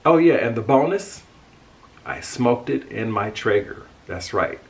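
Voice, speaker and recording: A man's voice: medium pitch, animated, unhurried, vocal fry, darkish tone. Chatty man hosting a cooking video. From United States. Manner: chatty, upbeat, jokes about pronunciation. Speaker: cooking channel host. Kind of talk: casual cooking talk to camera.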